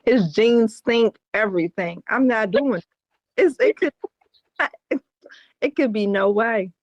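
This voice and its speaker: Blunt, lively woman podcaster. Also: a little high, slow pace, no echo, lo-fi sound. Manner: blunt, profane, emphatic. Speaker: podcast co-host. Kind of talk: casual chat.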